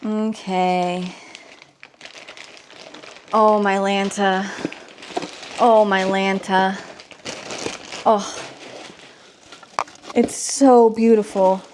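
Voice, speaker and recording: A woman talking casually to her viewers in a vlog, excitable and gushing, with nervous exclamations. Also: mid-range voice, extremely slow, pauses often, slight background noise. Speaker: vlogger. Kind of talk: casual unboxing vlog talk.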